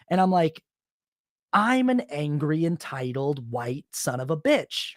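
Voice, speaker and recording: A man's voice: high voice, no echo. Guy on his solo podcast owning up to a dumb moment, rambly and self-deprecating, dry close mic. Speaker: podcast host. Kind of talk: solo confessional storytelling.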